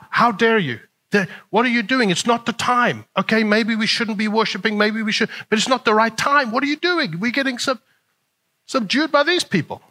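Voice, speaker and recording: Man putting on a shrill, indignant churchgoer. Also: bright, forceful tone, full character voice. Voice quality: mocking, exasperated. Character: indignant offended churchgoer, scolding and whiny.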